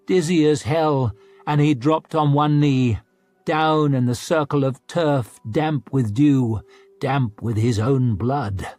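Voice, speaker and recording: A man reading a fantasy audiobook in a slow, measured, dramatic way. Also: medium pitch, a little mellow, no echo, soft background music. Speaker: audiobook narrator. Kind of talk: scripted audiobook narration.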